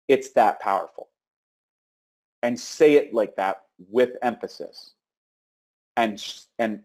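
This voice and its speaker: A man's voice: medium pitch, darkish tone. A man coaching network marketers on a live webinar, talking casually with fillers and repeated words, and acting out sample scripts with emphasis. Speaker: sales coach.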